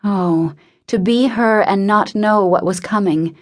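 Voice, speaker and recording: A woman reading a novel aloud in a measured, intimate narration. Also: medium pitch. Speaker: audiobook narrator. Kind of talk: scripted narration.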